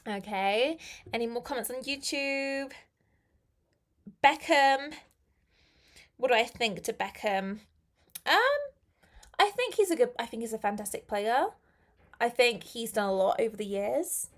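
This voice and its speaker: Young English woman hosting a live language class, a little high-pitched, relaxed, chatty. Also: a little slow, long pauses. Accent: British English. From England. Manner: chatty, reads viewer comments aloud, laughs often. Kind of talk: casual live-stream teaching.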